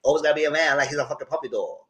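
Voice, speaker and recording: Animated man reviewing reality TV. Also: a little high, rapid-fire. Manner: animated, repeats words, curses freely. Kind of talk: casual live review commentary.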